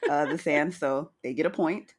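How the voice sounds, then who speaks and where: A woman co-hosting a casual recap chat, chatty and wry, with a slightly hoarse morning voice. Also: deep voice, normal speed. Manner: chatty, wry, retells scenes with quoted lines. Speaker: podcast co-host recapping a reality show.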